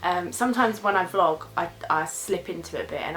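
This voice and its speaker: Chatty British woman, low-pitched voice. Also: fairly quick, fairly bright tone, a little hiss or hum, poor audio. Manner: chatty and rambling, loses her train of thought. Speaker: YouTuber answering viewer questions. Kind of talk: casual question-and-answer vlog.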